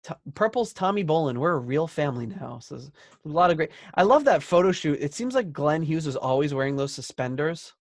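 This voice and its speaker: A man's voice: a little high, animated, a little fast, dry recording, studio quality. A man co-hosting a podcast in casual chat, joking around and reading out listener posts. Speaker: podcast co-host.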